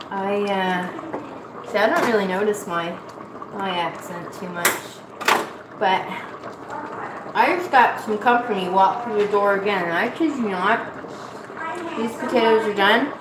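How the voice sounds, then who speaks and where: A woman's voice: medium pitch, slow, long pauses, reverberant, background noise. A woman from Nova Scotia with a Nova Scotian accent, chatting folksily to her livestream while she cooks in her home kitchen. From Nova Scotia, Canada. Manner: folksy, drawling, chatty and self-amused. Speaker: vlogger cooking on a livestream. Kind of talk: casual livestream chat while cooking. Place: home kitchen with a pot boiling.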